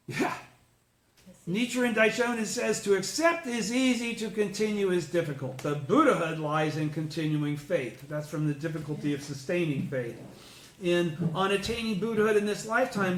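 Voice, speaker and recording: A man leading an informal religious study group, explaining a text, checking in with listeners and swearing casually. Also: sits high. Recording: roomy echo.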